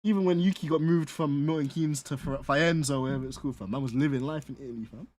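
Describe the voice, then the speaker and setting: A man's voice: on the high side, quick pace, darkish tone. A young man from North London with a London accent, bantering casually while sim racing, slangy and often laughing.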